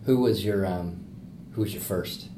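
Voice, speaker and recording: A man's voice: low-pitched, unhurried, mellow. A male interviewer asking short questions and murmuring brief agreement. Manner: brief prompts and murmured backchannels. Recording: distant echoey room mic with noise.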